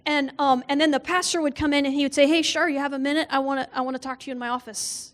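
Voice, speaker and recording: High-voiced woman preaching with humor. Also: steady tone, quick pace. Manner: humorous storytelling, acts out quoted voices, laughs often. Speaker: guest speaker. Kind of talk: sermon with personal stories. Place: church.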